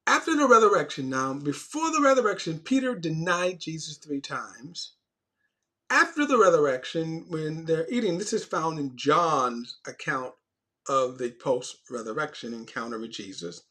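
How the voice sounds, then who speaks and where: A man teaching an informal Bible lesson in a conversational, unscripted way. His pitch sits a little high for a man, and he repeats and restarts phrases as he leans hard on key words. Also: sing-song, measured pace, bright, forceful tone.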